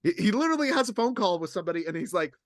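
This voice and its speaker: A podcast co-host with a high-pitched, racing voice rambles through a casual chat, animatedly acting out what other people said. The recording is clean studio sound with no echo.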